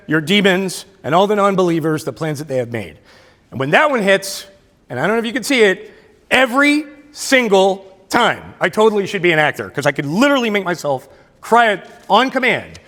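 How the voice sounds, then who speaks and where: At a luncheon in a large hall, a middle-aged man delivers a keynote speech, telling stories that poke fun at himself. His voice sits high with a sharp tone, and the recording carries a long hall reverb.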